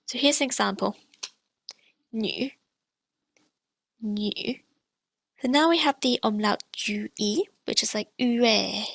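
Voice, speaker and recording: A fairly high-pitched woman with a gravelly, creaky edge, explaining pronunciation as a language teacher. She says each example sound clearly and repeats it. The recording is dry and close, with no room echo. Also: a bit bright. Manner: clear, demonstrates sounds slowly and repeats them.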